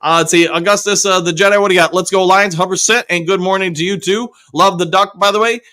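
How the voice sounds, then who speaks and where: A man's voice: sits high, steady tone, fast, pushed and bright, a little hiss or hum. A middle-aged man hosting a live fan show, chatting casually and reading viewer comments aloud with cheerful whoops.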